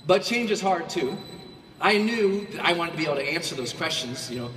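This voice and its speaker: A man giving a motivational keynote to a large audience. He swings between quiet reflection and shouted bursts, and he acts out quoted voices. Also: a little high, expressive, fairly quick, a little hiss or hum. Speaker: motivational speaker. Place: large hall. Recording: echoey hall from far off.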